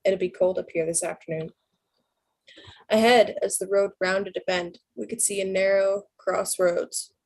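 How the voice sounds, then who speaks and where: Husky, gravelly woman reading a novel aloud. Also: fairly low pitch, a little mellow, rough recording. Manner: unpolished reading with slips and self-corrections. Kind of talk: casual read-aloud narration.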